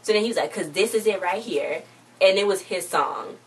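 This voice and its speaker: A young woman vlogger casually recapping a TV episode, rambling and quoting the characters one after another. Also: mid-range voice. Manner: rambling, quotes characters in quick succession. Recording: distant mic with faint background noise.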